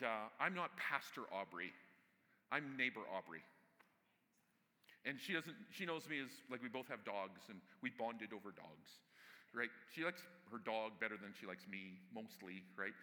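Male pastor, casual, humorous storyteller, bright tone, echoing sanctuary. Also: mid-range voice, unhurried. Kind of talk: sermon. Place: church.

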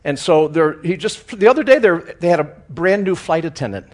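A man speaking as a guest church speaker, telling a humorous story in a sermon with animated, chuckling delivery. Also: fairly high pitch, a little fast.

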